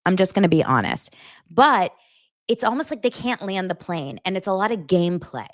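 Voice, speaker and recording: A woman's voice: fairly low pitch, very animated, normal speed, no echo, studio quality. A woman hosting a casual commentary vlog, talking frankly and chattily with frequent asides. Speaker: host.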